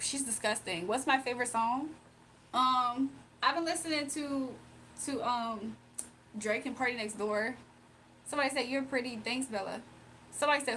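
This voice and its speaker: Young woman, high voice, livestream chat, blunt, confrontational. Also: bright, forceful tone, a little hiss or hum. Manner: blunt and confrontational, scolding a viewer. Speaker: livestreamer giving spiritual readings. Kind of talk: casual livestream chat, reading comments aloud.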